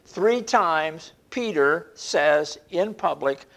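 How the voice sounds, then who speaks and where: A man preaching an expository sermon, animated, slowing down to stress scripture quotes and often restarting his sentences. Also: a little high, creaky.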